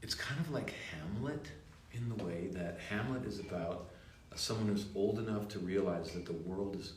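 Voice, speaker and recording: A middle-aged man talks in a fairly low, unhurried voice, musing and thoughtful, often sinking quieter at the end of a point. He sounds set back from the mic in a roomy space with a faint hiss behind him. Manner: reflective, drifts softer at the ends of thoughts. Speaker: actor signing autographs on a livestream. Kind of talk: casual chat. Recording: roomy, distant livestream sound with faint noise.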